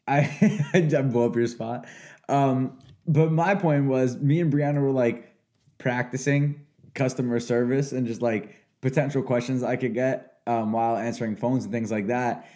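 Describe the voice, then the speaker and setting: A man in his twenties hosting a podcast, rambling and animated as he chats. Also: mid-range voice, a little slow. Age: 20s. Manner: rambling, animated, laughs easily. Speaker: podcast host. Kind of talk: casual chat.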